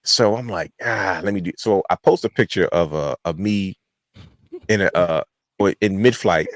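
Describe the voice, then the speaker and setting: Lowish-voiced guy rambling thru a story on a wrestling pod, dry sound. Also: normal speed, no room sound. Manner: long-winded storytelling, animated quotes. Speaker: podcast co-host. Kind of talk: casual chat.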